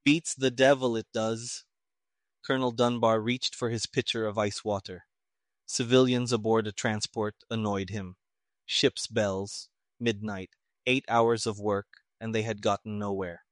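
A man's voice: fairly low pitch, measured pace, dry recording. Man narrating an audiobook, dry sound. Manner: steady, plain storytelling.

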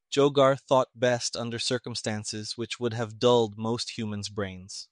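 A man's voice: mid-range voice, fairly even intonation, measured pace, few pauses, no room sound. Man reading a story, dry close sound. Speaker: narrator. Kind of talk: scripted audiobook narration.

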